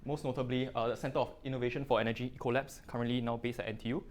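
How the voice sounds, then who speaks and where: A man's voice: mid-range voice, little pitch movement, racing, a little mellow. A middle-aged man with a Singaporean accent gives a technical presentation to an audience, talking informally with lots of fillers and local particles. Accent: Singaporean English. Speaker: guest lecturer.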